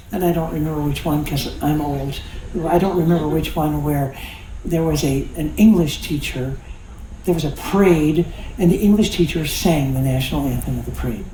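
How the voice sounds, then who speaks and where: A man's voice: on the high side, dark tone, slight background noise. A pastor in his sixties preaching a sermon in a folksy, conversational way, with jokes and laughter. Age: 60s. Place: church sanctuary. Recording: echoey church hall.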